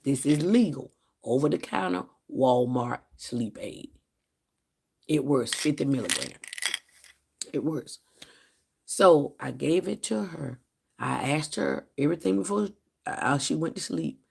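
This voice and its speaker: A woman telling a personal story on a casual vlog. Her voice is very gravelly and husky, and she slips into the lines of each person she quotes. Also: deep voice, unhurried, long pauses. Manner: animated storytelling that acts out quoted dialogue. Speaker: vlogger.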